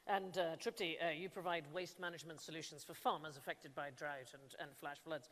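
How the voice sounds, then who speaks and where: A woman moderating a live panel at an awards event, asking questions briskly and with encouragement. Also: deep voice, fairly even intonation, a bit bright. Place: large event hall. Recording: long hall reverb.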